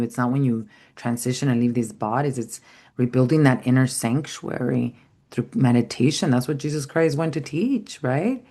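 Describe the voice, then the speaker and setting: A woman's voice: a bass voice, a little mellow. Woman teaching spiritual stuff, earnest and heartfelt, kinda rambly, lots of "like".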